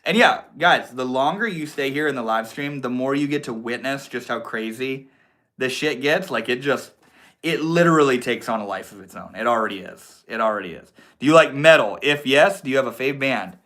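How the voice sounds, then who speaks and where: Reading out and responding to his chat, a livestream host from Maine keeps things relaxed and slangy, addressing viewers as "bro" and "homie." He has a mid-range, fairly bright, animated voice at normal speed.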